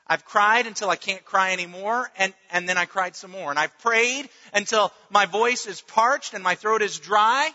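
A man preaching with a high, very bright voice, earnest and halting as he repeats his words. His voice rings with a long reverb, and the sound is dull and lo-fi. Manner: earnest, restarts words, dips to near-murmur at times. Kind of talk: sermon.

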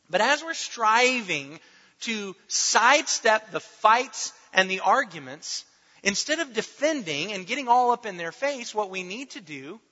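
Bright-voiced preacher, emphatic. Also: male voice, high-pitched. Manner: emphatic, repeats key phrases, playful asides. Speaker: pastor. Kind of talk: sermon. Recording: dull recording with long hall reverb.

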